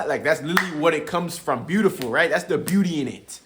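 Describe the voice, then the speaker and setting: A man's voice: on the high side, expressive, brisk, fairly bright tone, slight background noise. Laid-back young man explaining casually. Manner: laid-back, calls viewers bro, chuckles while explaining. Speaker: language learner teaching viewers.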